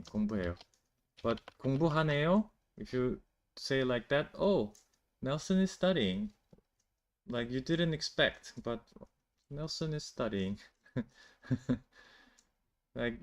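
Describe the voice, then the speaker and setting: A man's voice: medium pitch, darkish tone, a little hiss or hum. Casual man teaching on a live stream. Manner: loose explaining with many "like" fillers and restarts; answers viewer chat questions. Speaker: Korean language teacher.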